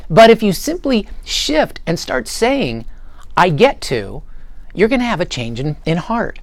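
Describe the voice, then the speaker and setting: A middle-aged motivational speaker gives an earnest talk to a live audience, animatedly acting out little quotes along the way. His voice is high-pitched, gravelly, and unhurried, with no room sound.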